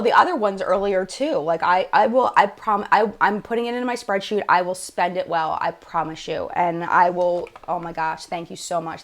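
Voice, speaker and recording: A woman hosting a casual live-stream chat about makeup, gushing and chatty, full of "like" and "oh my gosh". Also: fairly low pitch. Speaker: beauty channel host.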